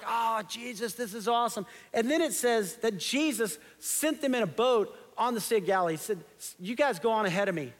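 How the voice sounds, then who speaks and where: A man's voice: extremely high pitch, a bit bright, long reverb tail. A man preaching a sermon as pastor, conversational and impassioned, repeating key phrases.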